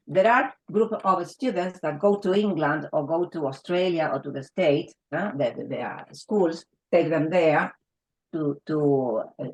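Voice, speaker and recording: A woman's voice: low voice, rough recording. A woman with an Argentinian Spanish accent, a native Spanish speaker and English teacher, talking earnestly and emphatically in a round table discussion with frequent restarts.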